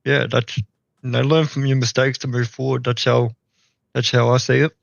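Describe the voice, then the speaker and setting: Young man, racing driver, modest and thankful, rambling, gravelly voice, dull lo-fi audio. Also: medium pitch, level tone, moderate pace, dry recording. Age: young adult. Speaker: champion driver. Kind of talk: casual post-race interview.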